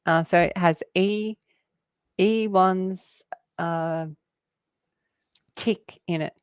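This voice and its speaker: A woman's voice: lowish voice, fairly even intonation, very slow, clear, resonant tone, no room sound. A woman talking casually about spirituality, rambling and laughing often as she jumps between word associations. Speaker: guest.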